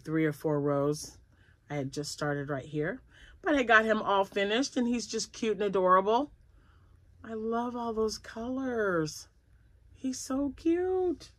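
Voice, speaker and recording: A woman's voice: on the low side, a bit bright, no echo. An older woman chatting casually at home about her crochet projects, rambling and laughing often. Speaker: crochet vlogger. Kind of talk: casual chat.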